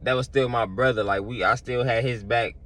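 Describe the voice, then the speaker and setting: A man's voice: mid-range voice, fairly even intonation, a little fast, a bit bright. A young man, telling stories in a loose, slangy vlog monologue full of fillers. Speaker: vlogger. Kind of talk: casual storytelling monologue.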